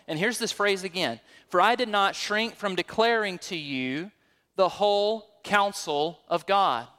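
A man's voice: sits high, pushed and bright, clear, resonant tone. A man preaching a sermon, working verse by verse through scripture with rhetorical questions and building to emphatic peaks. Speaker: pastor. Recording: long hall reverb.

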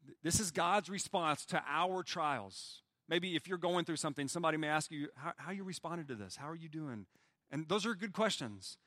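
A man preaching a sermon as pastor, swinging from loud pleading lines to hushed, quiet ones. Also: on the high side, no room sound, clean studio sound.

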